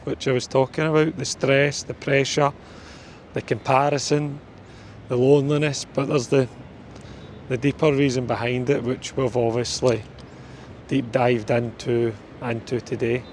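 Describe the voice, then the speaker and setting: A man's voice: mid-range voice, vocal fry, darkish tone, a little hiss or hum. A man, a life coach chatting casually on an outdoor walk, swearing mildly now and then. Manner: chatty, mild swearing, talks to his dog. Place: outdoors on a walk near a street.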